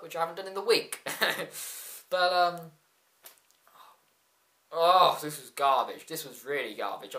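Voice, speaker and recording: A wrestling show reviewer talking casually, excitable and rambling with quick asides. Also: mid-range voice. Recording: echoey room.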